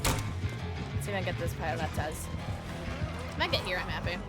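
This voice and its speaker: A woman streaming a game live, chatting with her viewers in a bubbly, excitable way, sometimes mumbling, sometimes shouting. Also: on the low side, moderate pace, over loud music. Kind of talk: live gaming stream chat.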